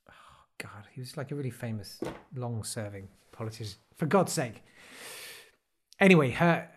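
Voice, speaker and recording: A man in his forties tells stories in a loose, rambling way on a podcast. His voice sits in an ordinary middle pitch, and his delivery is casual and self-deprecating, full of dry throwaway jokes. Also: animated, moderate pace, a little hiss or hum. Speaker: podcast guest. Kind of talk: casual interview storytelling.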